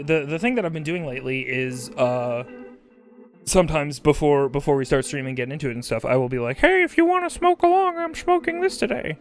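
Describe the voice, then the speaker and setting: A male streamer chatting casually on a livestream while high, rambling and swearing casually as he reads chat aloud.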